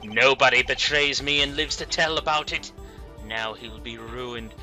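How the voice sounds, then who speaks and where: A man reading a cold, smug male mob boss with a put-on British accent, making unhurried, polite threats. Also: medium pitch, bright, forceful tone, soft background music. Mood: cold menace.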